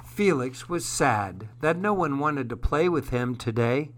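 A man hosting a program, reading a children's story aloud in a gentle, measured way. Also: medium pitch, lively intonation.

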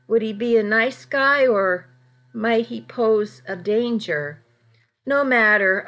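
Woman reading a romance story out loud, slow and calm, mid pitch. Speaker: narrator. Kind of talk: first-person story reading.

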